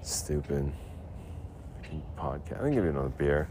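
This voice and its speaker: A man's voice: extremely low pitch, lively intonation, moderate pace, pauses often, mellow, slight background noise. A man hosting a casual podcast, rambling through a funny story with profanity and laughter. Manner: loose, profane, laughs through his own stories. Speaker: podcast host.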